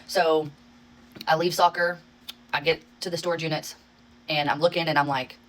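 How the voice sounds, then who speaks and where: A woman telling a story to her phone in a casual vlog, in a rapid, exasperated retelling full of swearing. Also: low-pitched, level tone, fairly bright tone, rough recording. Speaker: social media creator.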